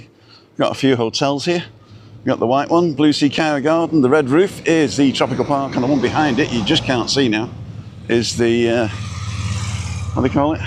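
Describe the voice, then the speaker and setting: A man's voice: medium pitch, background noise. A middle-aged man hosting a casual live stream outdoors. He rambles and reads out viewers' names with small asides. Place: outdoors with a view over hotels. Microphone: camera set down in front of him.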